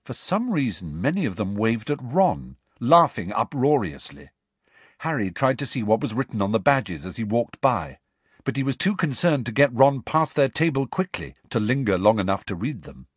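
A man's voice: medium pitch, normal speed, slightly rough, no echo. A man narrating an audiobook expressively, acting out every character. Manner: animated, acts out the dialogue.

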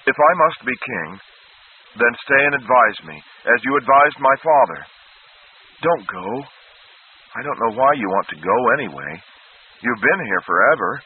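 A man's voice: medium pitch, lively intonation, a little slow, pauses often, slightly rough, voice pushed up. A man voicing a terrified young male prince who pleads in panic. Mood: frantic. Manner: panicked, pleading, near screaming. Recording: tinny phone-like sound.

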